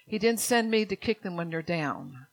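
A middle-aged woman pastor preaching a sermon, earnest and direct with her congregation, dropping soft and low at times and rising to urgent exhortation. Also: big pitch swings, normal speed, creaky, low-quality recording. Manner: addresses the congregation directly with "church" and "amen".

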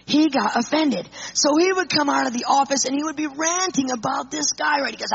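A woman speaker telling an animated personal testimony to an audience, acting out the people in it. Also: high-pitched, a little fast, vocal fry, few pauses, a little hiss or hum. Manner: animated storyteller, acts out quotes. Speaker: Christian speaker. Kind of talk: storytelling testimony. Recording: muffled lo-fi recording.

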